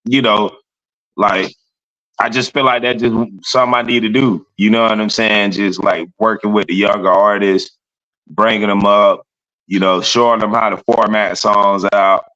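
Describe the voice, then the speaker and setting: A man's voice: on the low side, fairly even intonation, moderate pace, pushed and bright, lo-fi sound. A man, a country rap artist as a podcast guest, talking in a laid-back way. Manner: laid-back, full of "you know" fillers. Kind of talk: casual podcast chat.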